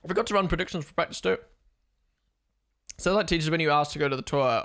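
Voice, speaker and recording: A young man hosting a live race watchalong stream, chatting casually, excitable and swearing as he thinks aloud. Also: a little high, fast talker.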